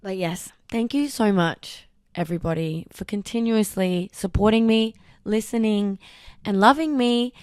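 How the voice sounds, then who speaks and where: A woman's voice: mid-range voice, a little mellow, no echo, studio quality. A young Australian woman from Darwin hosting her own podcast, talking in a candid, emotional personal reflection with casual swearing. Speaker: podcast host.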